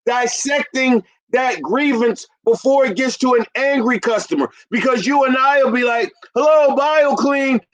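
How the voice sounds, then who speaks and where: A man in his fifties, a business consultant, talking emphatically to an audience he calls ladies and gentlemen. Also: very high-pitched, moderate pace, few pauses, poor audio. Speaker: carpet cleaning business consultant. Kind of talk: promotional business talk.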